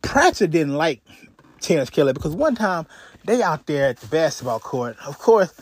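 A man's voice: fairly high pitch, sing-song, normal speed, breathy edge. A man hosting a podcast who tells a crime story in a casual way, profane and slangy, often stalling and repeating himself. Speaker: podcast host.

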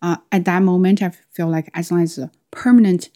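A woman's voice: on the low side, steady tone, fairly quick, dark tone. A young adult woman hosting a podcast, telling a personal story casually and often stopping to restart her phrases. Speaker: podcast host.

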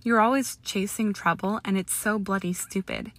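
A woman voicing a scornful, hot-tempered young male wizard who snarls and shouts in an audiobook reading. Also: mid-range voice, steady tone, moderate pace, close to an everyday voice. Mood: angry, shouting.

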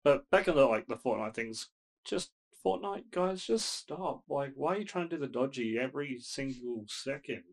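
A man chatting casually on a podcast, with a middle-pitched everyday voice. He rambles along, stacking fillers and restarting his sentences as he works toward his point. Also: animated, normal speed, poor audio. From Australia. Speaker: podcast co-host. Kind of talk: casual chat.

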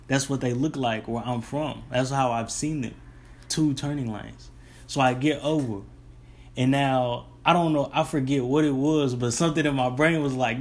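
A man's voice: medium pitch, normal speed. A young man, casually telling a long rambling story about his delivery job. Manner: rambling, restarts, relaxed colloquial. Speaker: delivery driver.

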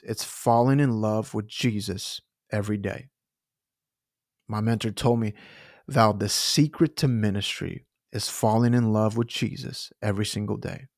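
A man's voice: mid-range voice, no echo, clean studio sound. A man teaching like a pastor in a podcast sermon, earnest and emphatic, his pace shifting as he stresses points.

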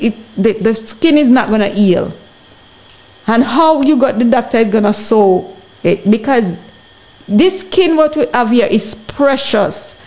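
Woman, jamaican accent, earnest and exhorting, podcast commentary, fairly high voice. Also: a little mellow. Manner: earnest, exhorting, often asks "you understand". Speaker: guest.

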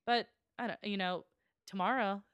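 A young woman co-hosts a casual podcast and tells her stories with lots of energy, laughing along the way. Her voice is smooth and clear. It sits close to a dry mic with no room sound. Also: medium pitch, normal speed, no room sound. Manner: animated storyteller, laughs often. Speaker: podcast co-host. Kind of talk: casual chat.

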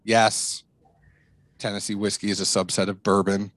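A man's voice: on the low side, little pitch movement, moderate pace, a bit bright, no room sound. A man from Massachusetts with a mixed, faintly New England accent, telling stories as a podcast guest in casual interview chat with self-deprecating humor. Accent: mixed, faint Massachusetts trace. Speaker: podcast guest, bourbon content creator.

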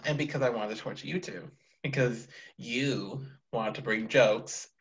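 A man's voice: mid-range voice, normal speed, a bit bright. A teenage male podcast host talking casually, defensive and exasperated, rambling as he explains himself. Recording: dull lo-fi recording.

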